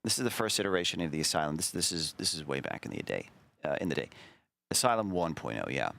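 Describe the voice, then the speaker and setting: A man's voice: extremely low pitch, very animated, fast talker, gravelly, a bit bright. A man hosting a stream in casual chat, rambling and self-deprecating as he looks back. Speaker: streamer host.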